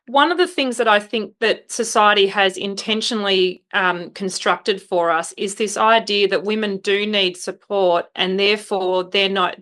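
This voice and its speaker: Bright, frank woman podcast host. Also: medium pitch. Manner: frank and assertive, with fillers. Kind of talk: conversational interview.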